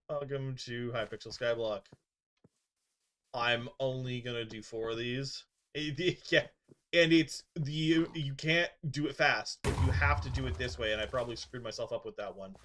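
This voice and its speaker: A man's voice: mid-range voice, moderate pace, fairly bright tone, slight background noise. A man chatting casually as he streams a game, laughing often and grumbling at it. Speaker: gaming streamer. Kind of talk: casual live-stream commentary.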